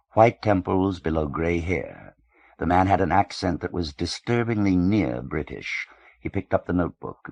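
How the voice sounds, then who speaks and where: A man reading a novel aloud in measured, even audiobook narration. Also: sits low, vocal fry, husky, no room sound.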